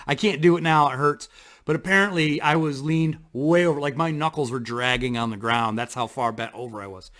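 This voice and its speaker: A man casually telling a rambling personal story to camera, animated, with restarts and blunt swearing. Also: on the high side, normal speed.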